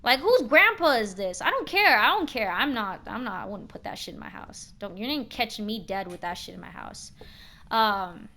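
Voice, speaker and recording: A young adult woman streaming a game and chatting casually, expressive and slangy, swearing freely. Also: medium pitch, normal speed, slight background noise. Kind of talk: casual chat while gaming.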